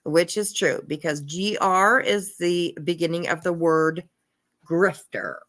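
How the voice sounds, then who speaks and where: A woman's voice: on the low side, steady tone, takes it slowly, a bit bright. A woman commentator reading court papers aloud in a casual way, breaking off into profane, laughing asides. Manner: profane, laughing asides between read passages. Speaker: online drama commentator.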